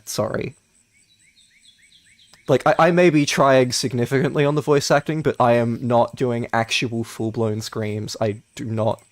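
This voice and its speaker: A man's voice: mid-range voice, dry recording. A man in his twenties from Australia, chatting casually and narrating while streaming a game. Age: 20s.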